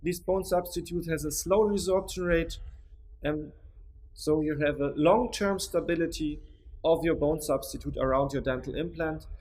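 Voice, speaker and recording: A man presenting a dental implant lecture in a webinar, then answering questions, measured and often restarting his words. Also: fairly high pitch, darkish tone. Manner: measured, with frequent restarts and hesitations.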